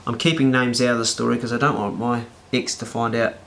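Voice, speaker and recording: A man's voice: medium pitch, fairly even intonation, a little fast, vocal fry, a bit bright, a little hiss or hum. A man in his fifties with a New Zealand accent, telling a casual anecdote in a blunt, exasperated way. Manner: blunt, exasperated, swears freely. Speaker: storyteller.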